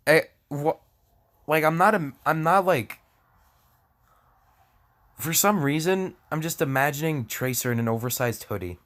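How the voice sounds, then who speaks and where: A young fan fiction reader with a fairly high, slightly bright voice goes slowly, leaving long pauses. He reads the story for comedy, breaking off into sarcasm, laughing often and stumbling over words.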